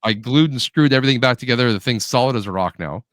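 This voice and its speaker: A man co-hosts a podcast and tells a story in easy, casual chat, slipping into the voices of the people he describes. His voice sits at an average pitch. The sound is dry and close. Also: quick pace, dry recording. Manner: animated storyteller, acts out quotes. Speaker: podcast co-host.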